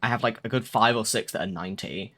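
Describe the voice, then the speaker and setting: A man's voice: lowish voice, quick pace, fairly bright tone. A young man chatting casually on a live stream, rambling and swearing with lots of fillers.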